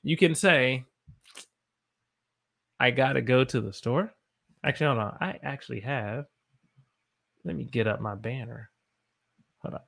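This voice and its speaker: A man's voice: medium pitch, a little slow, gravelly, long pauses, fairly bright tone. A man from the South, teaching English on a live stream and reading out chat comments in an upbeat, playful way. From Southern United States. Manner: upbeat, reads chat aloud, playful voices.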